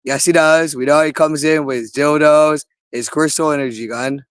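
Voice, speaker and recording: Guy ranting on and on, cursing a lot, keeps repeating himself, kinda high voice, dry close sound. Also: steady tone, normal speed, clear, resonant tone, no room sound. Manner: agitated, profane, repetitive. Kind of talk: rambling monologue to camera.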